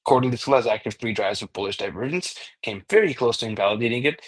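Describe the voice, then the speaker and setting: A man as a trading analyst walking through price charts in a mid-pitched, easygoing voice. He talks loosely and off the cuff, restarting phrases and dropping the odd curse. The tone is casual stream chat rather than polished delivery. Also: quick pace, husky. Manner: loose, rambling, frequent restarts and swearing.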